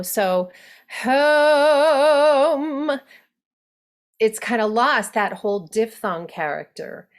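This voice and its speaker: A woman dialect coach teaching an online workshop over a video call, speaking with animated enthusiasm. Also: medium pitch. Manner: animated, enthusiastic, laughs easily.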